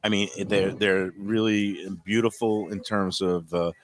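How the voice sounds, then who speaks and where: A man's voice: lowish voice, steady tone, unhurried, no room sound. A man hosting a food show on location at a market, chatting casually and joking while he eats. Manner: joking, talks with his mouth full. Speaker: show host.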